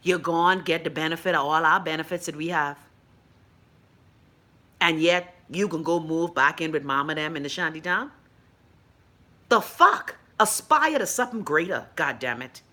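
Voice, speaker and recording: A Bahamian woman hosting a call-in show, ranting bluntly and profanely, swinging between loud outbursts and low mutters. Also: moderate pace, long pauses. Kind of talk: blunt profane live-stream rant.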